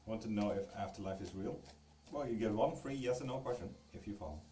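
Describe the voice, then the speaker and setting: Tarot streamer, man, low mellow voice, laid-back and profane, chatting to viewers from an echoey room away from the mic. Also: fast talker, recorded from a distance, slight background noise. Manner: loose, joking, swears freely while reading viewer comments. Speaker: tarot reader and live streamer. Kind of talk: casual live-stream chat.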